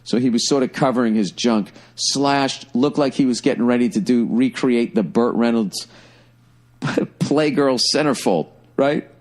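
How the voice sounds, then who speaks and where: A middle-aged man telling a funny story in a casual, profane, animated way, like a stand-up comedian on a podcast. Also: mid-range voice, unhurried.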